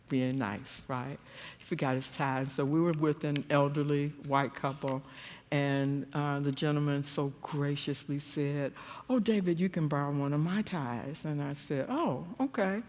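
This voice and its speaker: A woman giving a church seminar talk, telling stories animatedly and jumping to a high voice when she acts out quotes. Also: long reverb tail. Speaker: guest speaker. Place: church hall.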